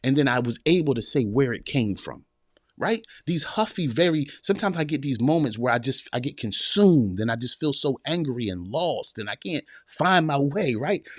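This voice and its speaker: Guy preaching on a podcast, pitch jumps all over, dry close sound, keeps going "y'all hear me?". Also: no echo. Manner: emphatic, repeats phrases, asks the audience "y'all hear me?". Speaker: podcast host. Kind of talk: preachy motivational talk.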